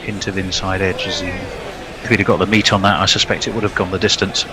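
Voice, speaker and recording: A man's voice: low-pitched, level tone, brisk, noisy background. A man co-commentating on live cricket, giving chatty and wry analysis.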